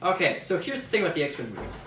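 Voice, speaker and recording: A man's voice: a little high, wildly swooping pitch, quick pace, creaky, a bit bright, a little hiss or hum. A young man from Texas hosting a casual podcast review, wry and talkative as he leads the chat. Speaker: podcast host. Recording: roomy, distant mic.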